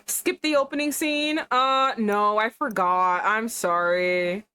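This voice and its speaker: A young adult woman streaming a game, chatting casually in a playful, animated way and laughing often. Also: mid-range voice, normal speed, smooth. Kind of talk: casual gameplay commentary.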